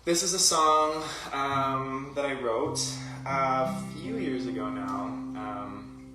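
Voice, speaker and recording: A man's voice: mid-range voice, slow, distant mic, music in the background. A man with a rural Canadian accent, hosting a casual livestream chat, talking loosely with lots of fillers and laughs. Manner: chatty, filler-heavy, laughs often. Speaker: livestream host. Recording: roomy echo from off-mic, faint ambient noise.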